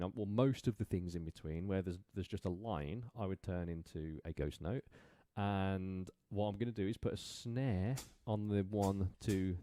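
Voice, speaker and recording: A man's voice: deep voice, warm tone, no echo. A man with an English accent teaching a drum lesson, counting beats aloud and explaining casually with fillers. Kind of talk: live-streamed drum lesson. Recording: drum kit playing in the background.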